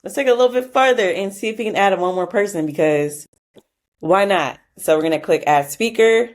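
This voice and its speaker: A woman hosting a casual software tutorial, chatty, with frequent laughs and asides. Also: mid-range voice, fairly quick. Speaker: tutorial host.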